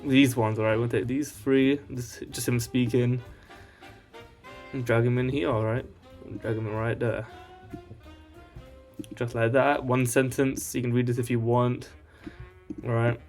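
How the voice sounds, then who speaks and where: A man's voice: medium pitch, little pitch movement, a little slow, pauses often, darkish tone, soft background music. Rambling man walking through a tutorial. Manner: rambling, tags lines with "alright?". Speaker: tech tutorial host. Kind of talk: casual screen-share tutorial.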